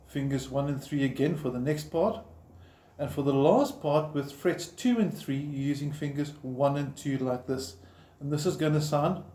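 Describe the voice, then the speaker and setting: A man with a warm, fairly high voice teaches a guitar lesson step by step, patiently explaining as he plays and counts in. The recording has a roomy echo with guitar playing behind him.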